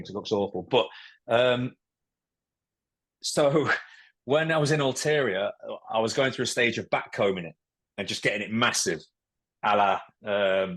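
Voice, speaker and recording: A man in his forties talks with a low, husky voice, candid and blunt. He tells stories in loose casual chat and swears freely. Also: a bit bright. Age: 40s. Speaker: podcast guest, musician and ex-footballer.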